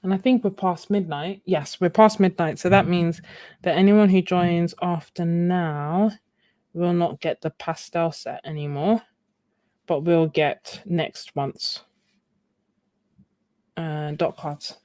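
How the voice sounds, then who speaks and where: A woman's voice: on the low side, fairly even intonation, slow, warm tone, no echo. A young woman chatting casually with viewers while she paints on a live stream, laughing often. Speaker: live-stream art host.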